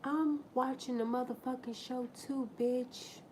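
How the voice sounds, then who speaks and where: A woman hosting a livestream, telling a personal story to her viewers in a candid, profane, animated way. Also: sits high, measured pace, a little hiss or hum. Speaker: livestream host.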